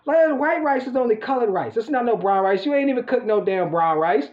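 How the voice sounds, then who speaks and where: A man's voice: extremely high pitch, expressive, brisk, darkish tone, dull audio. A man hosting his own channel, talking casually and emphatically to his viewers, cursing often and filling gaps with "you know". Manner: emphatic, profane ranting with many fillers. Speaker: channel host. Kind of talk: casual monologue to camera.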